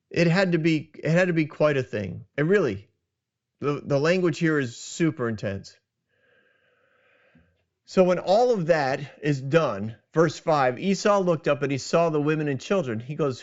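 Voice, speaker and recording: A man's voice: on the high side, expressive, moderate pace, lo-fi sound. A man hosting a podcast, casually retelling a scripture story in a conversational, self-deprecating way. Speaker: podcast host.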